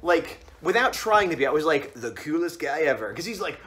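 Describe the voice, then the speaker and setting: A man's voice: fairly high pitch, lively intonation, a little fast, few pauses, a bit bright. A man casually telling a long story on his vlog, rambling and acting out the other voices in it. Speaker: comic artist vlogger.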